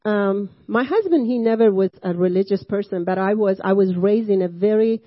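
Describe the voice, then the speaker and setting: A woman's voice: medium pitch, normal speed, no room sound, dull audio. Iranian woman in her sixties giving testimony. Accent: Persian. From Iran. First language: Persian. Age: 60s. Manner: conversational with frequent fillers and self-interruptions, laughing asides. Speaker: guest speaker at a church service. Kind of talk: personal testimony sermon.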